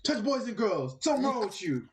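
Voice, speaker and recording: A man imitating another man who loudly and repeatedly accuses a shopper in a store. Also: high voice, very animated, brisk, a little hiss or hum, voice pushed up. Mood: accusing. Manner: loud, repetitive, accusing.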